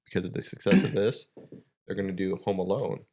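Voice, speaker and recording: A man, a father co-hosting a casual podcast in a relaxed, easygoing way. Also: sits low, a little fast, noisy background. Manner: relaxed, easygoing, enthusiastic recommendations. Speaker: podcast co-host. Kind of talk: casual chat.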